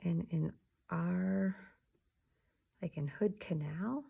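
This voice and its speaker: A young woman teaching a remote class for young children, slow, soft and patient, often dropping to a whisper. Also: on the low side, expressive, gravelly, husky.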